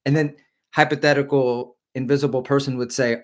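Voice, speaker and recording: A man's voice: mid-range voice, normal speed. A middle-aged man hosting a casual running livestream, joking, rambling and reading out viewers' chat comments.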